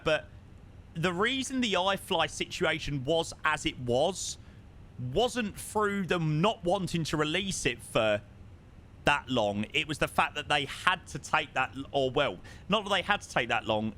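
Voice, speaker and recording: A little high, bright and forceful, the voice belongs to a flight sim streamer from southern England. He chats loosely on a live stream, reading viewer messages aloud and swearing freely.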